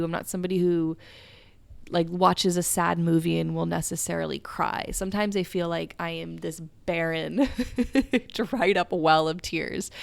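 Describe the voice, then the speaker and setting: A young woman speaks in a whispered role-play, her low voice carrying a gravelly fry. She talks candidly and emotionally, swearing freely as she shares personal reflections. The recording is close and dry, with no room sound. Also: dry recording. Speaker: podcast host. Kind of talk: soft-spoken personal reflection.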